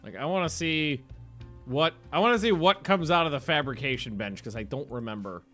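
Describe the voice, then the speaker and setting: A man's voice: on the high side, animated, a little fast, bright, forceful tone, soft background music. A young American man streaming a colony game, rambling and correcting himself as he plays. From United States. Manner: chatty, rambling, self-correcting. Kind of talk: casual gameplay commentary.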